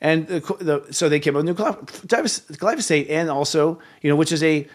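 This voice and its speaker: A man hosting a live talk show, ranting in an animated, profane way. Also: fairly high pitch, fairly quick. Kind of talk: casual chat.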